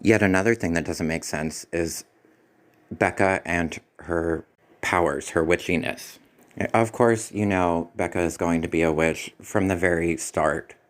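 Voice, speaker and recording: Deep-voiced man giving a critical review. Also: unhurried. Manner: critical, sarcastic. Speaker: film reviewer. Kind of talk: spoken movie review.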